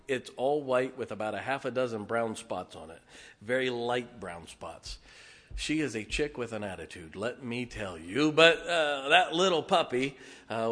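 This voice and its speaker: Man, pastor, middle-aged, folksy sermon, joking, mid pitch. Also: fairly bright tone. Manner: folksy, joking, emotional asides, frequent uh fillers. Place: church sanctuary.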